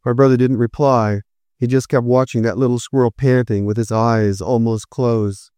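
Male storyteller, smooth and resonant, dry close sound, measured reading. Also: mid-range voice, fairly even intonation, dark tone, no room sound. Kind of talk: first-person story narration.

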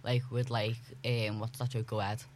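A man's voice: mid-range voice, little pitch movement, normal speed. A man in casual group chat, emphatic and peppering his talk with "like". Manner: emphatic, repeats "like".

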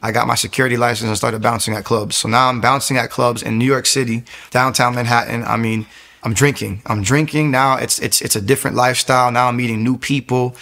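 A man's voice: medium pitch, level tone, fast, hardly any pauses, sharp tone. A young man in his twenties from the United States telling his personal testimony in an earnest, rambling way with many restarts. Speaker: guest sharing testimony. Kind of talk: personal testimony, casual storytelling.

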